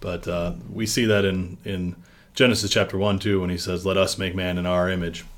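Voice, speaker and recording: A man's voice: low-pitched, level tone, moderate pace. A man leading a devotion, reading scripture aloud with rising emphasis and then talking it over plainly with a pastor. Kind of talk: Bible reading and devotional discussion.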